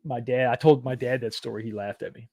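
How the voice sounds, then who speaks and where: A man's voice: mid-range voice, steady tone, fairly quick, a little mellow, no echo. A middle-aged man from East Texas, rambling casually as he reads viewer comments on a live stream, with self-deprecating asides. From East Texas, USA. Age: 40s or 50s.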